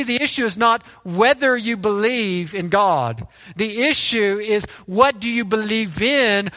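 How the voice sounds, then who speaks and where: Bright-voiced preaching man in a hall. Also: sits high. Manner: preaches with rhetorical "right?" tags and repetition. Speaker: pastor. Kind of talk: sermon.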